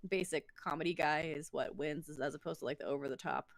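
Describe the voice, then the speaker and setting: Woman co-host, lowish voice, chatty and self-mocking, dry close sound. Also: steady tone, creaky, no echo. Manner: chatty, laughs at herself, quick restarts. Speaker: podcast co-host. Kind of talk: casual chat.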